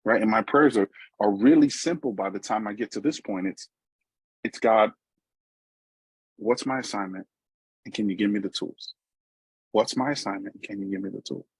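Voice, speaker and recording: A man's voice: on the low side, normal speed, pauses often, husky, no room sound, rough recording. A middle-aged man from New York with a New York accent, giving a personal recovery talk in a conversational storytelling way with frequent asides to listeners. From New York, USA. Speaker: recovery meeting speaker.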